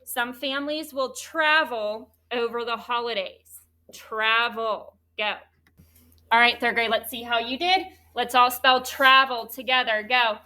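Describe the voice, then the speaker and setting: Slow, bright-voiced woman teacher. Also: on the high side. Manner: slow, clear, drawn-out letter-by-letter spelling. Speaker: third grade teacher. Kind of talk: classroom spelling lesson.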